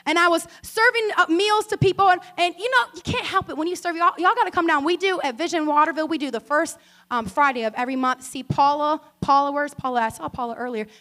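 A woman pastor delivering a sermon in a high, bright voice. She tells stories casually, with asides to her congregation, then builds to animated, emphatic preaching. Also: fast.

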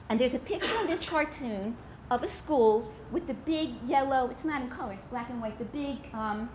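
A woman giving a religious talk to women, telling a story with emphatic, animated delivery. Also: high voice, noisy background. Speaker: speaker addressing women.

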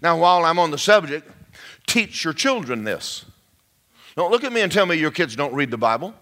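A middle-aged preacher, a man whose pitch leaps around as he works the congregation with questions. His voice is bright and forceful, sitting a little high for a man. He preaches with a twang. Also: very animated, normal speed. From Georgia, US. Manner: preaching with call-outs to the congregation. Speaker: pastor. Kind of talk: sermon.

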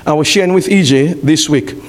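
A man preaching a sermon as pastor, repeating his phrases, calling to the congregation and rising to shouts. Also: a little high, fairly quick. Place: church.

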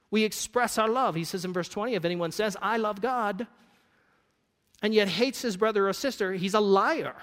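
A man's voice: high-pitched, fairly bright tone. A man preaching a sermon, conversational and joking with the congregation. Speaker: pastor. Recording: long reverb of a church hall.

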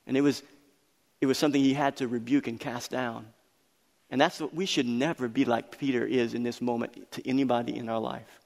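A man's voice: medium pitch, fairly even intonation, brisk, vocal fry. Passionate male preacher in a reverberant hall. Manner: emphatic, building to loud passionate peaks. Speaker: pastor. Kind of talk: sermon.

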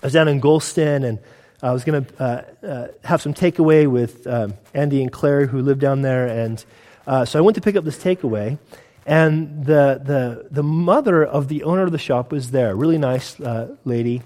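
A man's voice: medium pitch, normal speed, dark tone, long reverb tail. A man with an American accent preaching a sermon as pastor, in a conversational way with rhetorical questions and repeated words. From United States.

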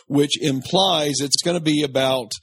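Male co-host, husky voice, blunt and exasperated, dry close sound. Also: a little high, fairly even intonation, unhurried, fairly bright tone, no echo. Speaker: podcast co-host. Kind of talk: casual chat reviewing a film.

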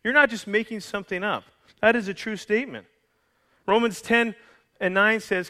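Bright-voiced man preaching a sermon. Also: high-pitched, steady tone, moderate pace, long pauses. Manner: conversational storytelling, many restarts, jokes with the congregation. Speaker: pastor. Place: church.

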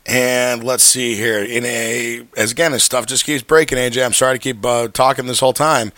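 A man with a bright, forward voice co-hosts a casual chat show, reading headlines aloud and tossing in offhand asides. His sound is close and dry, with no room around it. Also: mid-range voice, fairly even intonation, moderate pace, no echo. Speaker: podcast co-host.

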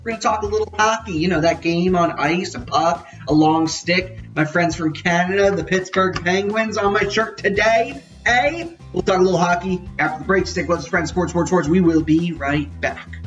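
A man's voice: high voice, moderate pace, few pauses, a bit bright, distant mic, lo-fi sound, faint music behind. A man hosting a casual sports podcast, jokey and rambling, often correcting himself. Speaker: podcast host.

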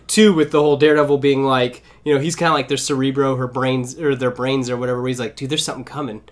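A man's voice: medium pitch, level tone, quick pace. A man co-hosting a casual podcast chat, enthusiastic, with lots of fillers and laughter.

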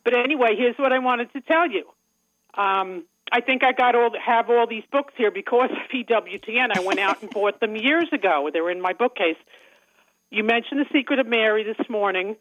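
Calling in to a radio show, a woman with a thick Long Island accent chats casually and laughs often. Her voice is a little high and her pace moderate. The sound is dry and comes through a muffled telephone line.

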